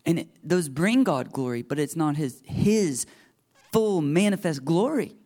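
A man's voice: on the high side, expressive, measured pace, darkish tone. A middle-aged man preaching a sermon in a conversational, emphatic way, acting out the voices he quotes. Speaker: pastor.

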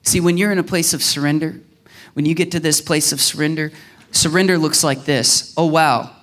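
A man preaching a sermon in an animated way, acting out prayers and quotes, at times dropping to a hushed near-whisper. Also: fairly quick. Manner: animated, acts out prayers and quotes with swings in pitch and loudness. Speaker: pastor.

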